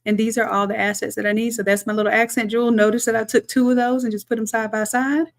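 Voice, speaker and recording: Lady walking viewers thru a design file live, chatty, kinda high voice. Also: level tone, fast talker. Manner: chatty, addresses viewers as y'all, thinks aloud while working. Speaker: design instructor. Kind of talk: live-streamed software tutorial.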